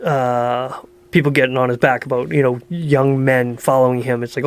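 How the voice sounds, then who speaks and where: A man's voice: mid-range voice, fairly even intonation, quick pace. A man co-hosting a podcast, talking bluntly and profanely in casual chat, laughing often. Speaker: podcast co-host.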